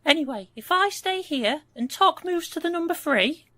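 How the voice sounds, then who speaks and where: A blunt, bossy boss. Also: female voice, very high-pitched, lively intonation, moderate pace, bright, forceful tone, a little hiss or hum, heavily acted. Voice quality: blunt, curt. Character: bossy, short-tempered woman in charge. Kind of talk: sketch comedy acting.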